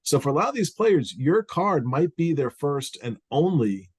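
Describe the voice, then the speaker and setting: A man hosting a podcast, asking questions in a relaxed, conversational way. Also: a little high, normal speed, husky, no echo. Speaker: podcast host. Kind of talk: casual interview.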